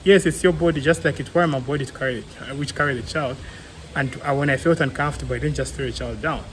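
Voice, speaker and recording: A man's voice: mid-range voice, fast talker, slight background noise, low-quality recording. A young man with a Ugandan English accent, co-hosting a casual discussion podcast and arguing his view earnestly with everyday examples and many fillers. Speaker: co-host, clinical psychologist.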